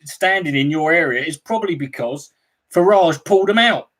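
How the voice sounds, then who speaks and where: A man talks over radio clips in a sardonic, casual way. His voice sits a little higher than most men's. He keeps cutting in with dry remarks. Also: lively intonation, moderate pace, fairly bright tone. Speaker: livestream host reacting to radio clips. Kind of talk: casual commentary.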